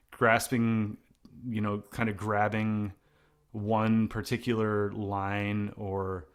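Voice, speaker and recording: Rambling middle-aged man, low voice. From United States. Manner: rambling, many restarts and fillers. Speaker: singer of a post-hardcore band. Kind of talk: casual interview talk.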